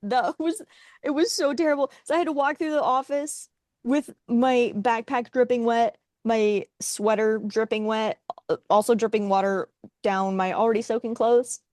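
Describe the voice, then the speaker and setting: A young woman co-hosting a casual chat, telling a story in a wry, animated way and acting out what others said. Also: on the high side, moderate pace, dry recording, clean studio sound. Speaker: podcast co-host.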